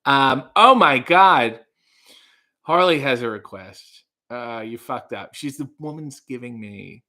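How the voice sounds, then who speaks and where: A man's voice: medium pitch, bright, forceful tone. A man hosting a live stream, casually reading out chat messages and answering with wry, profane asides.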